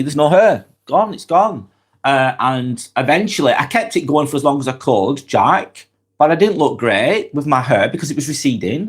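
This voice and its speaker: A man with a Lancashire accent and a cold, hosting a casual live vlog and chatting back to viewer comments. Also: mid-range voice. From Lancashire, northwest England. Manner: chatty, reads out comments and answers them directly. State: has a cold. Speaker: live-stream vlog host.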